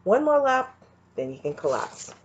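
A woman's voice: a little high, very animated, normal speed, slight background noise, voice pushed up. A woman voicing a cocky adult male karate instructor who teases and boasts, from a dull recording. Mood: bossy. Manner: teasing, boastful.

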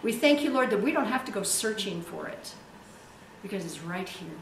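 A woman's voice: mid-range voice, animated, normal speed. A woman pastor preaching a sermon and leading prayer, emphatic and stretching key words for effect. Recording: echoey room, distant mic, faint hiss.

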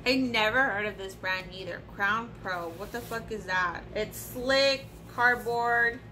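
A woman's voice: mid-range voice, a little slow, slight background noise. A young woman casually unboxing beauty products on her vlog, ranting bluntly and swearing freely. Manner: profane, blunt, animated ranting. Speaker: beauty vlogger.

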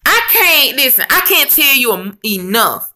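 A woman vlogging casually about her weight loss, chatty and expressive, talking straight to her viewers. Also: sits high, a little slow. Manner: chatty, addresses viewers as y'all and honey; emotional and expressive, rambling with restarts. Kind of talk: casual chat to camera.

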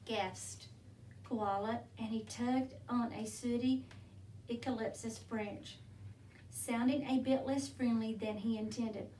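Woman storyteller, picture-book read-aloud, slow and gentle, mic set back in a roomy space. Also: fairly high pitch, fairly even intonation, slight background noise. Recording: roomy, from a distance.

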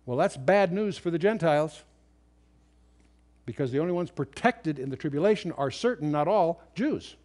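Man teaching a Bible study, higher voice. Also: lively intonation, moderate pace, darkish tone. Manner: explanatory, emphatic on key words, some restarts. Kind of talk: lecture-style Bible study.

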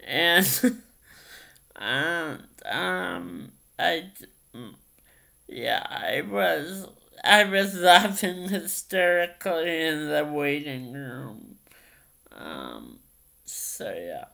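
A man's voice: on the high side, lively intonation, very slow, gravelly, pauses often, bright, forceful tone. A man vlogging casually, telling stories in a hesitant way with many ums and repeated phrases. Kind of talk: casual vlog storytelling.

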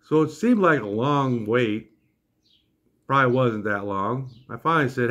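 A man's voice: medium pitch, expressive, unhurried, a bit bright. An older man, a grandfather, tells a comic story with a wry, exasperated manner.

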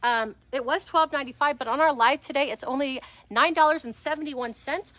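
A woman's voice: high voice, brisk, a bit bright, dry recording. Chatty woman hosting a live shop sale. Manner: chatty, upbeat selling patter with fillers. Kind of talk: live shopping stream chat. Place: shop interior. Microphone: no microphone, speaking loudly.

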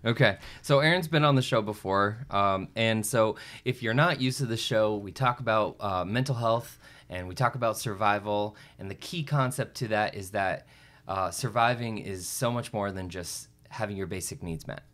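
A man's voice: on the low side, normal speed, a bit bright. A man hosting a podcast, chatting in a friendly, rambling way and often correcting himself. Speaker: podcast host. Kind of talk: casual interview chat.

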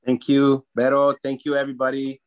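A man's voice: mid-range voice, completely flat delivery, brisk. A man, a musician guest, talking casually and hesitantly with lots of fillers. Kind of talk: casual interview talk.

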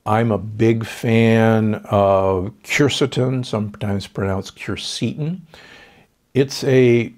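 A man's voice: lowish voice, steady tone, slow, hardly any pauses, darkish tone. An older man, a doctor hosting a podcast, giving confident health advice in conversation. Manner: confident, explanatory, with fillers.

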